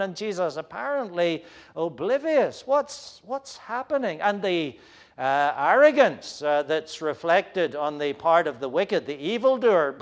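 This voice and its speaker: A man preaching a sermon in an earnest, searching way, often pausing and hesitating. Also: high voice, animated.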